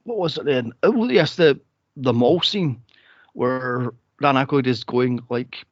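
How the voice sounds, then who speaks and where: A man hosting a movie podcast in casual chat, animated and laughing often as he acts out quotes. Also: mid-range voice, measured pace, dry recording, lo-fi sound. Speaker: podcast host.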